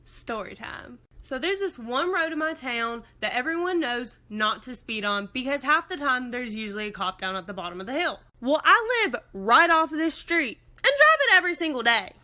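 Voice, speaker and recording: Young woman, high bright voice, blunt and self-mocking. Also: very animated, normal speed, hardly any pauses. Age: young adult. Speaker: student telling a story. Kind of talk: casual storytime video.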